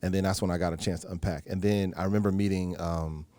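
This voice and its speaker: A man in his thirties, an actor being interviewed, telling stories in an animated way and acting out the people he quotes. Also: low voice, quick pace, no echo. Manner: animated storyteller, acts out quoted exchanges; frequent fillers and restarts. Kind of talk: casual interview talk.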